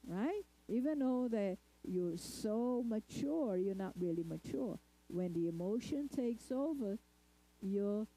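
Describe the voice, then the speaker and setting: A woman giving a lecture talk at a spiritist center, speaking deliberately and checking in with the audience. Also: on the high side, mellow, low-quality recording. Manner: deliberate, asks the audience "okay?" often.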